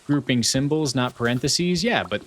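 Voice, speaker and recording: A man's voice: mid-range voice, expressive, normal speed, faint music behind. A man streaming live, bantering with his chat in a playful, mock-serious way.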